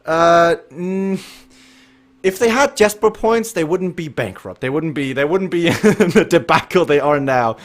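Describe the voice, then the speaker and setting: A fairly high-voiced man calls a live esports race with a lively, chatty delivery. He reacts fast to the action and banters with the viewers in the chat. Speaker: race commentator and stream host.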